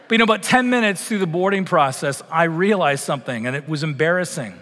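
A male pastor preaching a sermon, telling a personal story with animated, acted-out quotes. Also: on the high side, fast talker, few pauses, slight background noise. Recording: long hall reverb.

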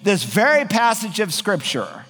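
High-voiced preacher in a reverberant hall. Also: male voice, huge pitch swings, unhurried, pushed and bright, husky. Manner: earnest, emphatic preaching with dramatic biblical quotes. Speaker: pastor. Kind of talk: sermon.

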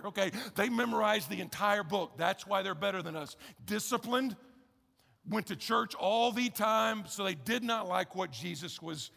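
A man's voice: sits high, normal speed, creaky, pushed and bright. A man preaching a sermon as pastor, conversational and emphatic, repeating key phrases with wry humor. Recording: echoey church hall.

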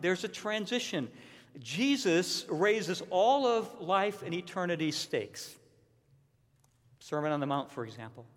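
Man, pastor, sermon, earnest and emphatic, fairly high voice, long hall reverb. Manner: earnest, emphatic, repeats key points.

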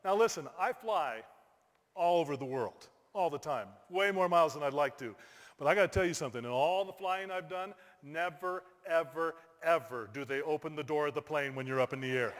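A middle-aged man, a pastor, telling a lively personal story in a sermon, bursting into shouted exclamations. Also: a little high, fairly quick. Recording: long hall reverb.

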